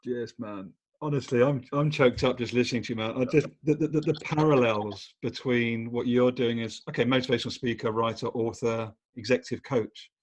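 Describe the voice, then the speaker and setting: A man's voice: mid-range voice, highs cut off. A man hosting a podcast interview, reflective and building his points through long lists. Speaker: podcast host. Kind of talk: conversational interview.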